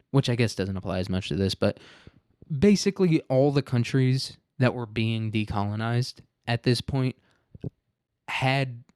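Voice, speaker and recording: A man's voice: medium pitch, darkish tone, clear, resonant tone, dry recording. A man hosting a history podcast in a loose, profane, rambling monologue full of restarts and asides.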